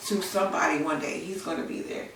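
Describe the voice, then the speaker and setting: A woman's voice: on the low side, steady tone, fast, a bit bright, a little hiss or hum. A woman candidly telling a personal story in a chatty way, with many fillers. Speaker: vlogger, new mother. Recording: echoey room, mic at a distance.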